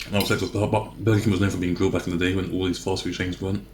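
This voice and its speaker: A low-pitched man with a level tone races through a casual, rambling vlog while eating, chatty and often correcting himself mid-sentence. The recording has a roomy sound and a noisy background.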